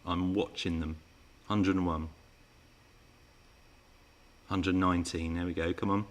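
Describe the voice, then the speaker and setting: The speaker is a man with a low voice who keeps a measured pace and fairly even intonation. Hosting an RC car channel's live Q&A stream, he's chatty and playful, reading viewer comments aloud and teasing the people who wrote them.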